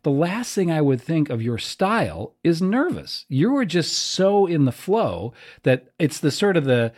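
A man's voice: fairly high pitch, very animated, a little slow, darkish tone. A man hosting a casual interview, reacting with short encouraging remarks and thanking his guest. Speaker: host.

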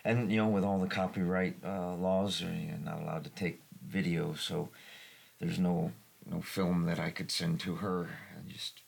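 A man from New England who acts in community theater, talking in a reflective, halting way with frequent restarts in a casual panel discussion. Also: level tone. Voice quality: gravelly, husky low voice.

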